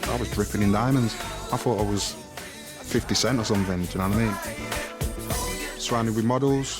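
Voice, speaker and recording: Bloke, very low voice, relaxed bragging interview, music underneath. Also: male voice, normal speed, long pauses. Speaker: pop band member.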